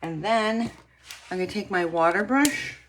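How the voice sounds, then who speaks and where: A woman casually demonstrating card-making techniques, chatting to viewers and often clearing her throat. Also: medium pitch, expressive, normal speed, slight background noise. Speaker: craft demonstrator.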